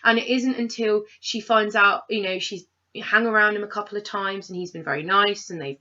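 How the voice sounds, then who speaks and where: A woman's voice: mid-range voice, fairly even intonation, fairly quick, bright, forceful tone, lo-fi sound. A woman co-hosting a casual review chat, animatedly acting out characters' lines as she rants. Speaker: podcast co-host reviewing a film.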